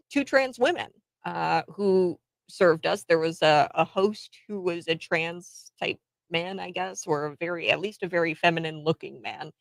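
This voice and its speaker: A woman's voice: fairly low pitch, gravelly, fairly bright tone, no echo. Woman commentary host, rural US upbringing, sarcastic and chatty, dry close recording. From rural United States. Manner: chatty, sarcastic, laughs often. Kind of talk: opinionated commentary.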